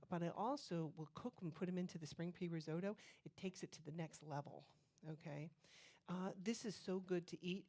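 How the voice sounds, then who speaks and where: A woman's voice: fairly low pitch, darkish tone. A woman leading a cooking demonstration as a nutrition educator, telling stories in a chatty way and checking in with "okay?". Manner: chatty storyteller, keeps asking "okay?". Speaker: plant-based nutrition educator.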